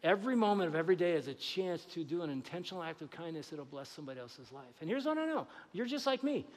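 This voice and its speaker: A man preaching a sermon as pastor, animated, acting out conversations with God. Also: a little high, fast, long reverb tail. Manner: animated, acts out dialogue with God. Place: church sanctuary.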